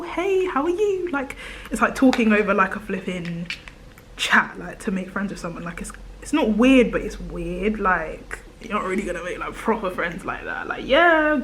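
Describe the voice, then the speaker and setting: A young woman, chatting while doing her makeup at home, rambling with lots of "like" and slipping into soft whispers. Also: mid-range voice, slight background noise, low-quality recording. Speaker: beauty vlogger. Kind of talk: chatty get-ready-with-me monologue. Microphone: camera on a tripod.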